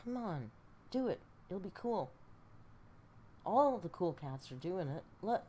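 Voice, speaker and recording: A low-pitched woman chatting live from home, her voice swinging widely up and down as she laughs and scolds a pet. A faint hiss sits under the recording. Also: very animated, measured pace, warm tone. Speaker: reaction channel host. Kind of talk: casual live reaction chat.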